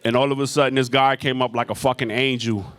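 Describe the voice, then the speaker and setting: A man's voice: medium pitch, fairly even intonation, quick pace, a bit bright. A man doing a stand-up comedy set in a club, telling a profane story with lots of crowd work.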